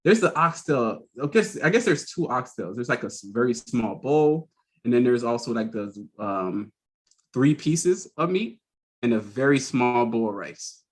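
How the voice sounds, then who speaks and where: A man co-hosting a casual podcast conversation. He tells stories with lots of energy and laughs often as he goes. He drops into quick impressions of the people in his stories. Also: medium pitch. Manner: animated storyteller who acts out quoted voices; laughs often mid-sentence. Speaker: podcast host. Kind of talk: casual chat.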